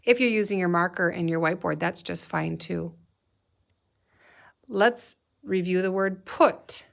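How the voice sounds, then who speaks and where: Slow, patient woman teaching reading. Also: lowish voice, vocal fry. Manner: slow, patient, sounds out letters and words. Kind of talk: guided reading lesson for young children.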